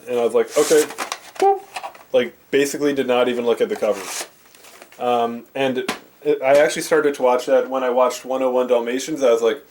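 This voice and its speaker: A mid-range, somewhat dark-toned male voice chats rambling about VHS movies, recorded on a camcorder's handheld mic in his bedroom with faint hiss. He leans heavily on fillers and keeps cutting himself off to start over.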